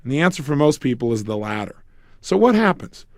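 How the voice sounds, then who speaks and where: A man giving a motivational seminar on relationships, talking in an animated way and acting out couples' arguments with joking asides. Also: mid-range voice, brisk, no room sound, clean studio sound. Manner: animated, acts out quarrels between couples. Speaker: self-help speaker.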